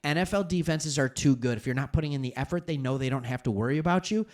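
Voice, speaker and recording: A man hosting a solo sports talk show, emphatic and animated, speaking straight to his viewers. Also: mid-range voice, a little fast, hardly any pauses. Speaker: sports commentary host.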